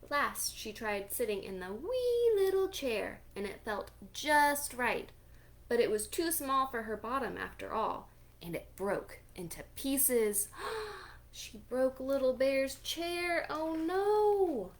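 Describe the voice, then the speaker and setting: Slow animated woman reading to kids. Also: a little high. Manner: animated, gasping, asks the audience questions. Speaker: children's librarian. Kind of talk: storytime read-aloud for children.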